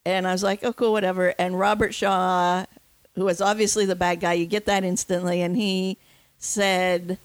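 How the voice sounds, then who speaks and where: A woman hosting a casual film discussion, telling stories in an excited, rambling way with many restarts. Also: on the low side, moderate pace, dry recording. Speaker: podcast host.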